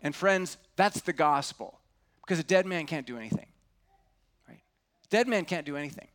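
High-voiced man preaching earnestly. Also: animated, moderate pace. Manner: earnest preaching, drops to a hush on key words. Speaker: pastor. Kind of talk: sermon.

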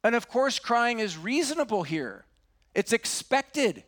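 A middle-aged man preaches a sermon with a notably high voice. He speaks earnestly and drops to a hush to stress key words. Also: sing-song, a little slow. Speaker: pastor.

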